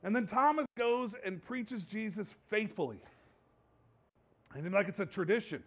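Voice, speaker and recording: Animated high-voiced male preacher. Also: normal speed, lo-fi sound. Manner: animated, repeats himself, acts out quotes. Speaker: pastor. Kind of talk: sermon. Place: church hall with slides.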